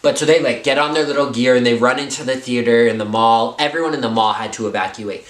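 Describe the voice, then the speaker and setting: Young man, chatty storytime vlogger, mid pitch, roomy sound. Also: quick pace. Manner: animated, filler-heavy, jumps into high voices. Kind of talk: storytime vlog.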